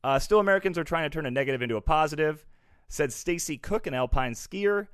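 Male host, animated comic news reader, higher voice with a bouncing pitch, dry close sound. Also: fast, clean tone, no echo. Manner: animated, jokey, puts on mock accents. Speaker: podcast host reading news. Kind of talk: comedic news banter.

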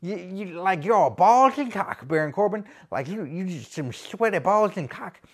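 A man's voice: sits high, lively intonation, moderate pace, a bit bright, husky, full character voice. A man voicing a crude, boastful male wrestler who poses as a gangster, talking with swaggering slang in a comedy sketch.

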